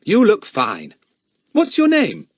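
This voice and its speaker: A man voicing a kind, firm boy who loves animals, in an earnest, gentle way. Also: high voice, wildly swooping pitch, takes it slowly, husky, dry recording, studio quality, pitched above the performer's own voice, exaggerated voice.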